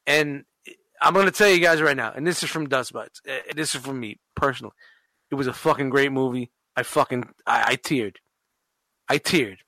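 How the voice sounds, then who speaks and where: A man's voice: medium pitch, moderate pace, bright, forceful tone, no room sound. A man co-hosting a podcast in casual chat, rambling and swearing heavily to make his points. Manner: profane, rambling, emphatic. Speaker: podcast co-host.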